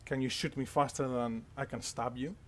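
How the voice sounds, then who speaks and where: A man voicing a big, stern male guard who threatens in low, clipped lines. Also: fairly even intonation, normal speed, a bit bright, close to an everyday voice. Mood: threatening.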